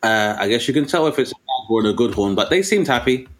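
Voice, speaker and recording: A man's voice: medium pitch, quick pace. A man, a comedian talking articulately and animatedly in a casual conversation. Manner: articulate, animated storytelling with put-on voices.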